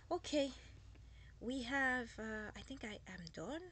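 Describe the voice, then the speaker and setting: A woman giving a vocabulary lesson, slowly repeating each word as she switches between languages. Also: a little high, expressive, fairly bright tone, a little hiss or hum. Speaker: language teacher.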